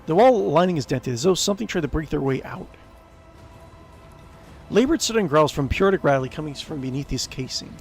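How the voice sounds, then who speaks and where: A man's voice: on the high side, expressive, brisk, creaky, soft background music. A young man giving casual, rambling let's-play commentary, full of fillers as he reads the game text aloud. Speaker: game streamer.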